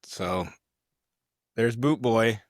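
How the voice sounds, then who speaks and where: Laid-back, fairly low-voiced man. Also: extremely slow, no room sound, clean studio sound. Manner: laid-back, explains his build step by step. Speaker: podcast co-host. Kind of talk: casual chat.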